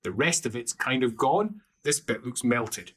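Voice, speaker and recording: A man narrating a tabletop role-playing game as game master, describing scenes in an unhurried way. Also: medium pitch, expressive, fairly bright tone, husky.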